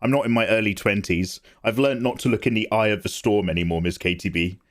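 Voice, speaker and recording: Speaking fast in a voice on the low side, a weary man runs a casual art livestream. He's animated and jokey, calling out viewers' names and answering the chat.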